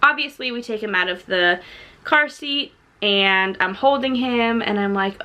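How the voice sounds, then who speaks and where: Bright, chatty young woman vlogger. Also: fairly high pitch, a little slow. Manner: animated, chatty, says "like" often; laughs while telling the story. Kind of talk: storytime vlog.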